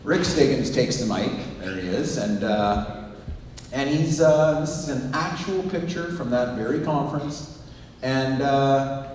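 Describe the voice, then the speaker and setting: A man who teaches giving a presentation, telling a story in an animated, self-mocking way. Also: medium pitch, a little slow, a little hiss or hum. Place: large hall with audience. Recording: echoey hall recorded from far off.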